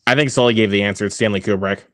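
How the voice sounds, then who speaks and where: Excitable young man stumbling over words. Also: fairly low pitch, rapid-fire, no room sound, clean studio sound. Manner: excitable, stammering with many filler words. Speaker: quiz contestant. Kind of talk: casual chat.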